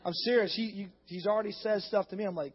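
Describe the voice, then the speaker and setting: Male pastor, very high voice, fiery sermon delivery, muffled recording with long reverb. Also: fast talker, breathy edge. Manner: emphatic preaching, rising to shouts. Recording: dull, long-reverb hall sound.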